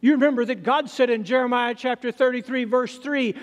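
A man preaching a sermon as pastor, reading scripture slowly and dramatically with long pauses. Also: very high voice, steady tone. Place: church sanctuary. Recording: reverberant hall.

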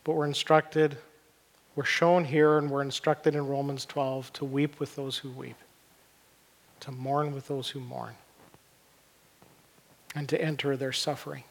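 Earnest pastor in reverberant hall. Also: male voice, medium pitch, little pitch movement, unhurried, creaky, pauses often. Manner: earnest, conversational, repeats words while searching for them. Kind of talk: sermon. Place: church hall. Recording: long reverb of a church hall.

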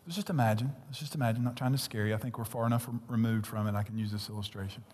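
A man preaching a sermon, blunt and intense, swinging from loud peaks to hushed whispers. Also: mid-range voice, steady tone, racing, husky, in a large hall. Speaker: pastor.

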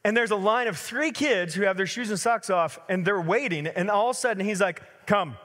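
A man in his thirties preaching a sermon as a pastor, telling stories in a lively conversational way with many fillers. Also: high-pitched, a little fast, long reverb tail.

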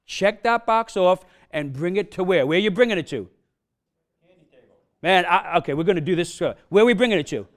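A man's voice: sits high, lively intonation, moderate pace. A male pastor with an accent, preaching a sermon to his congregation with punchy repeated questions and frequent "huh?" checks, in a church. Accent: non-native English accent. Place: church sanctuary.

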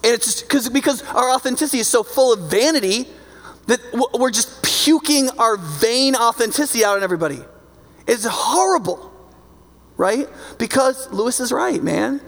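A man's voice: extremely high pitch, lively intonation, moderate pace, vocal fry, long reverb tail. A man preaching a sermon in a conversational, emphatic way, often checking in with his listeners. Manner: conversational and emphatic, keeps asking "right?".

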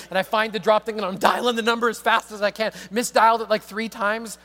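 A man preaching a sermon as pastor, telling a story in an animated way that swings from hushed to excited. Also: high voice, fairly quick, few pauses.

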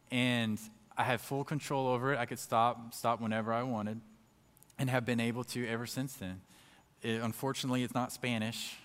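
Guy telling his faith story, animated, mid pitch, long echo like a big hall. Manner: animated storyteller who acts out his own inner thoughts. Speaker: speaker sharing a personal testimony. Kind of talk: storytelling testimony.

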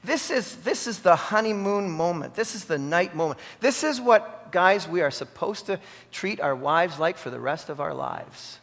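A male pastor delivers a sermon with a high, bright, forceful voice. He talks in an animated, exclaiming way and restarts his sentences often. A long reverb from the church hall trails after each phrase. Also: normal speed.

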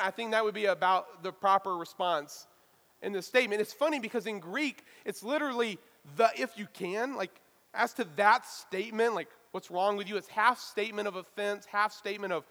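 A man preaching a sermon as a pastor, talking in a casual, lively way with touches of self-deprecating humor. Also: high voice, moderate pace, big-room sound.

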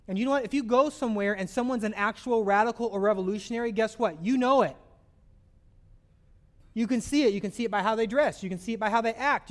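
A man with a notably high voice delivers a sermon in an earnest, preacherly way. He shifts between scripture reading and acted-out grumbles. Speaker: pastor.

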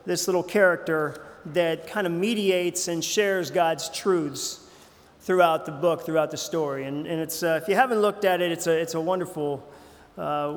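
A man preaching in a loose, conversational way, stumbling over fillers and restarting his sentences as he goes. His voice sits a bit high for a man. It rings out with a long reverb across a large church sanctuary. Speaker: pastor. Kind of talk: sermon.

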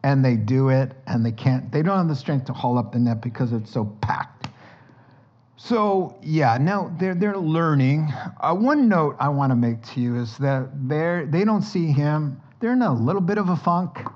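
A man preaching a sermon as pastor, telling stories with lively energy and acting out sounds and dialogue. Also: fairly high pitch, moderate pace, lo-fi sound.

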